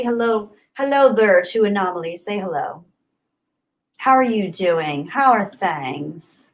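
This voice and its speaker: A woman's voice: mid-range voice, expressive, slow, rough recording. Chatty young woman streamer. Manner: chatty, rambling, repeats herself. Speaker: livestream host. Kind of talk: casual chat, reading viewer comments.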